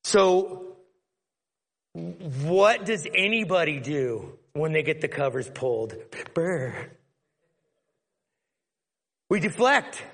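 Male preacher, casual storytelling sermon, high voice, slow delivery, long echo. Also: animated, fairly bright tone, husky. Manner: conversational, storytelling, acts out the scene. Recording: long hall reverb.

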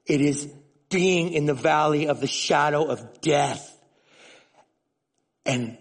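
A man preaching a sermon in an animated way, often restarting words and swinging between loud, emphatic lines and hushed ones. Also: a little high, slow pace, long pauses, husky, big-room sound. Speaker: pastor.

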